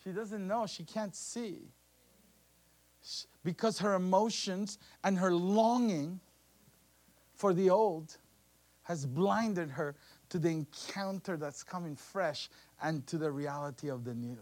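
Man, preacher, sermon, animated storytelling, high voice, unhurried delivery. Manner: animated storytelling, acting out voices, sudden loud bursts.

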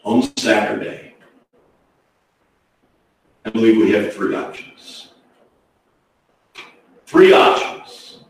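A man preaching a sermon, swinging from hushed, slow phrases to shouted ones. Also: fairly low pitch, level tone. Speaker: pastor. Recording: echoey hall from far off.

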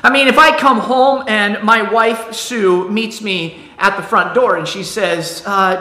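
Man, pastor, sermon, high bright voice, conversational restarts, echoey room. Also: steady tone, unhurried, hardly any pauses. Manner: conversational, with repeated restarts and acted-out quotes.

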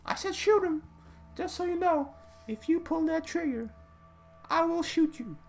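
A man putting on a stern high-voiced lady detective. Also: animated, a little slow, creaky, soft background music, exaggerated voice. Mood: commanding. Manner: high put-on voice, clipped tough-cop threats. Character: stern female detective Maggie, tough and commanding.

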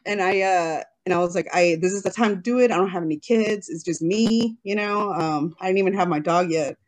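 A fairly low-pitched woman speaks fairly quickly in a video-call interview. In her thirties, she's a guest who runs a jewelry business, and she talks in a casual, emotional way, frequently quoting herself.

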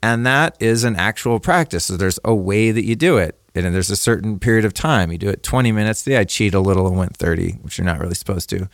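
A man's voice: fairly low pitch, quick pace, hardly any pauses, no room sound. Candid laid-back man, dry close mic. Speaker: podcast guest. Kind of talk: casual conversational storytelling.

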